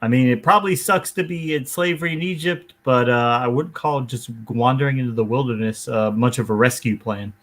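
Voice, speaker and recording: A man co-hosting a comedic discussion, tossing in wry asides and jokes in a relaxed, conversational voice of middling pitch. His remarks are brief and dry. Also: brisk, few pauses. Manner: wry, jokey commentary. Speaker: co-host. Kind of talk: casual comedic banter.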